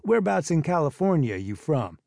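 A man's voice: on the high side, very animated, normal speed, gravelly, warm tone, no echo, studio quality, pitched above the performer's own voice. A man voicing a stern, folksy man in charge of teenage boys. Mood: commanding. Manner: authoritative, folksy. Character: stern Southern man running a boys' home.

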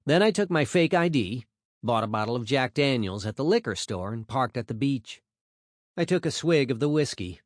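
A man reading a first-person memoir as an audiobook narrator, in a measured storytelling manner. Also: mid-range voice, expressive, no echo, studio quality.

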